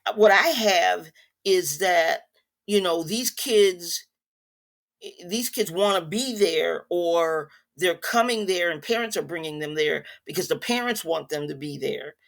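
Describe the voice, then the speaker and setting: A middle-aged woman boxing coach talking in a casual interview, telling stories in a stern, animated way with many restarts. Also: lowish voice, a little slow, creaky.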